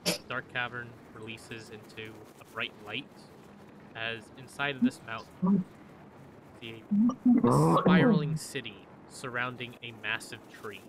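A man narrating slowly and descriptively as game master of a tabletop game. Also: medium pitch, gravelly, a crowd in the background. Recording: noisy room recording.

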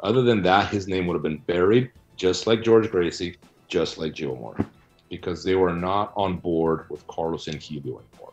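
A middle-aged man answering interview questions about his research, blunt and animated as he argues his points. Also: sits low. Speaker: guest, researcher and author.

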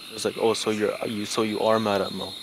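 A man's voice: fairly low pitch, flat delivery, fast talker, noisy background. A young man and student in a heated argument, insistent and aggrieved, pressing his point again and again. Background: music playing.

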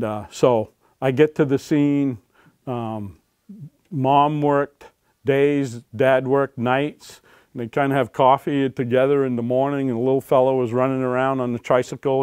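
A man's voice: mid-range voice, darkish tone, dry recording. Folksy man telling dog-handling stories. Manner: folksy, keeps checking in with "right?". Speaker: author and search and rescue dog handler. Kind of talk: storytelling talk to an audience. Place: public library talk.

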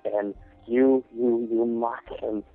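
A man's voice: medium pitch, steady tone, slow pace, faint music behind. A man leaving a voicemail, earnest and indignant. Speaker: voicemail caller. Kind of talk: voicemail message. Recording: tinny phone voicemail.

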